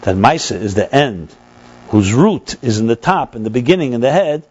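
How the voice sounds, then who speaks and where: A man teaching a text study class as a rabbi, animated, repeating and restarting words and mixing Hebrew terms into his explanations. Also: medium pitch, normal speed, slightly rough, highs cut off.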